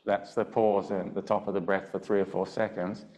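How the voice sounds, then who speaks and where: An older man teaching a Pilates class over a video call, giving gentle step-by-step breathing and movement cues and checking in often. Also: sits low, moderate pace. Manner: calm, gentle cueing with frequent check-ins. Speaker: Pilates instructor. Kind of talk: live online class instruction.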